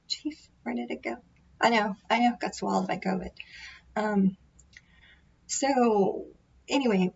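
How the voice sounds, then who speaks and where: A tarot vlogger rambles casually to camera about her readings, self-deprecating and full of fillers and restarts. Her medium-pitched voice is creaky and husky. The built-in microphone array gives dull audio.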